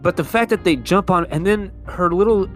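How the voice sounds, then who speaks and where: A man's voice: high voice, normal speed, a bit bright, faint music behind. A man hosting his own podcast, ranting about politics in a heated, profane, rambling way. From California. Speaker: podcast host. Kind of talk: casual political rant. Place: California.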